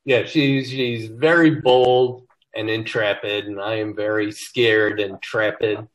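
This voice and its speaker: A man's voice: fairly low pitch, steady tone, slow pace, rough recording. An older man, a comedy writer as an interview guest, telling self-deprecating stories in casual chat. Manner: self-deprecating, joking storyteller.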